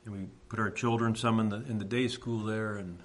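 Low-voiced man telling his faith story. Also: fairly even intonation. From Washington, US. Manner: halting, reflective storytelling with restarts. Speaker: speaker sharing a testimony. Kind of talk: personal testimony.

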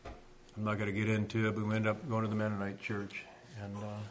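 Low-voiced man telling his faith story. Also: completely flat delivery, slight background noise. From Washington, US. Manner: halting, reflective storytelling with restarts. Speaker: speaker sharing a testimony. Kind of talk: personal testimony.

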